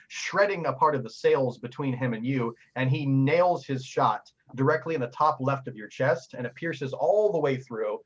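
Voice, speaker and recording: Excitable husky GM, dull lo-fi audio, mid-pitched male. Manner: excitable, laughing, full of fillers. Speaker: game master. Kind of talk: narrating a tabletop game.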